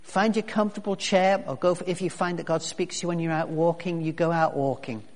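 A large hall's long reverb echoes around a pastor giving a chatty sermon, often restarting and using fillers. His voice is on the high side, steady in tone, and a little fast.

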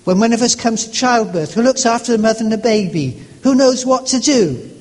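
A man doing gentle fellow prisoners. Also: extremely high pitch, animated, a little fast, pitched above the performer's own voice. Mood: tender, insistent. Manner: gentle, insistent, repeated questions. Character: group of kind fellow women prisoners. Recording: long reverb of a large hall.

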